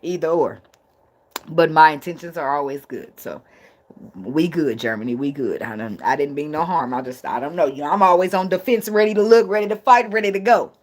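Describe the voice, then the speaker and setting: A woman's voice: deep voice, brisk. A woman in reads tarot live from her home. She talks bluntly and swears freely, and her delivery stays casual and direct. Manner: blunt, profane, laughs often. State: tearful at times. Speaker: tarot reader.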